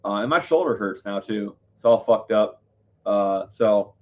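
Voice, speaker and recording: A man's voice: lowish voice, lively intonation, unhurried. Male live-show host, heated and profane storyteller, rambling delivery, muffled lo-fi audio. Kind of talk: casual storytelling to viewers. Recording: dull lo-fi audio.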